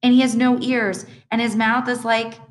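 A woman's voice: a little high, little pitch movement, normal speed, pitched above the performer's own voice, natural voice. A woman voicing an exasperated, insistent middle school boy in a storybook reading.

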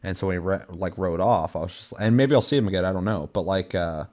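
A man's voice: deep voice, fast, a little mellow. A young man chatting casually on a podcast, rambling and swearing, with lots of filler words. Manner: rambling, profane storytelling with many fillers. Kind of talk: casual chat.

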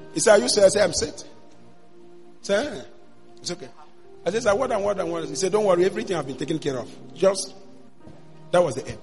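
A man, a pastor telling his story in a sermon, dropping to a hush and then bursting into shouts. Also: high voice. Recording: long hall reverb with faint music.

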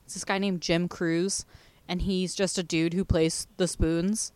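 A young woman co-hosting a podcast tells a funny story in casual chat, rambling, laughing and swearing as she goes. Her voice is lowish and a little mellow, with little pitch movement and an unhurried pace.

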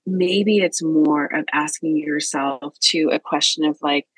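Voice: medium pitch, fairly even intonation, a little slow, hardly any pauses, a bit bright, husky, no echo, rough recording. A podcast co-host speaking in a reflective, thoughtful way, often hedging and qualifying what they say. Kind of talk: casual podcast talk.

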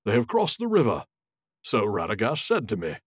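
A man voicing a wise, earnest old male wizard in a slow, measured reading. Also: lowish voice, huge pitch swings, slightly rough, no room sound, heavily acted. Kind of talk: reading a novel aloud in character voices.

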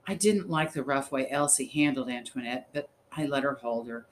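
A man narrating a story in the first person, reading in a measured, steady way. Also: mid-range voice, a little hiss or hum, rough recording. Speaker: audiobook narrator.

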